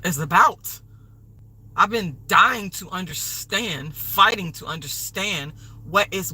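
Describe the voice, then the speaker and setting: A woman's voice: on the low side, sharp tone, poor audio. A woman hosting a livestream, delivering an angry, profane, repetitive rant. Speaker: livestream host.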